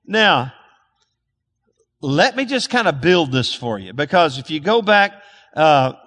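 A high, bright-toned male pastor delivers a sermon, often asking the congregation to repeat words back to him. His speech is loose, with restarts and fillers. His voice rings with a long hall reverb. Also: big pitch swings, takes it slowly. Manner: calls for audience responses, restarts and fillers.

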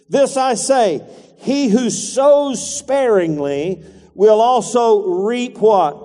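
A man's voice: sits high, warm tone, long reverb tail. A man preaching a sermon as pastor, calling for congregation responses and acting out voices.

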